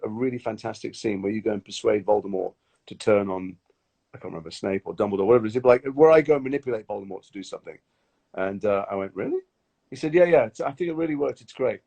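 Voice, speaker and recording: A man's voice: fairly low pitch, fast, creaky, husky. A man chatting casually on a live video call, telling set stories and acting out what others said. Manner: animated anecdotes acting out other people's lines. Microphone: phone on a video call.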